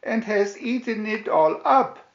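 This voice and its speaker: A man voicing a small baby bear in a high wee voice for a storybook. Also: steady tone, unhurried, roomy sound, lo-fi sound. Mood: plaintive.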